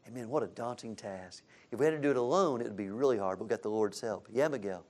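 A man's voice: fairly low pitch, fast, few pauses, darkish tone. A man teaching a Bible class to a church group, asking the room questions and answering them as he goes. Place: church classroom with a live audience.

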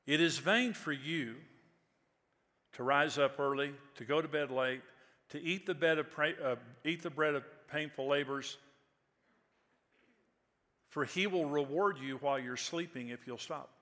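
A pastor in his sixties tells stories from the pulpit in an easy, conversational way, then presses his points with emphatic force. His voice is bright and forceful, with a long reverb trailing through a large hall. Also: fairly high pitch, unhurried, pauses often. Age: 60s. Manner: conversational, anecdotal, rising to emphatic peaks. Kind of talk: sermon with storytelling.

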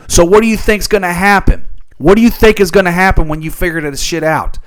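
A man's voice: sits high, fairly even intonation, brisk, clear, resonant tone. A man hosting a solo sports talk show, ranting in a fired-up, profane way. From Louisville area.

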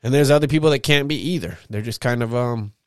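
A man's voice: mid-range voice, clean tone, no echo, clean studio sound. A young man talking casually and frankly on his own podcast, rambling, swearing often and tagging lines with "man". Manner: candid, profane, rambling with drawn-out "man". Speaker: podcast host.

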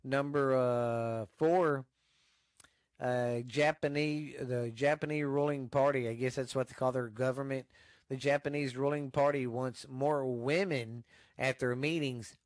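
A man's voice: medium pitch, a little slow, no echo, clean studio sound. A man with a Texan accent hosting a podcast, rambling bluntly through the news with constant swearing. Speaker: podcast host. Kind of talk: casual profane news chat. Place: home desk setup.

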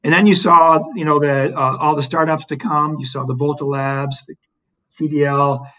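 A man speaks in a conversational interview, his voice sitting a bit higher than most men's. He tells stories with energy, often restarting sentences and leaning on fillers as he goes. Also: moderate pace, low-quality recording. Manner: animated storytelling with frequent restarts and fillers. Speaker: interview guest, economic development leader.

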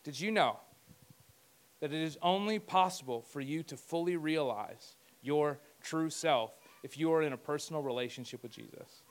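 A man's voice: a little high, normal speed. A man preaching a conversational sermon as pastor, joking and talking asides to himself.

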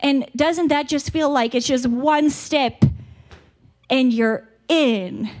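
High-pitched yet darkish in tone, this South African woman takes her time as she gives a chatty, honest church retreat talk. Her nose is blocked, and she lets out self-mocking laughs now and then.

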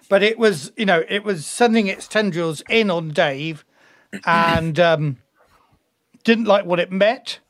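Slow, hesitant game master. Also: male voice, high-pitched, fairly bright tone, no room sound, studio quality. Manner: hesitant, with many fillers and chuckles. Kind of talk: narrating a tabletop game.

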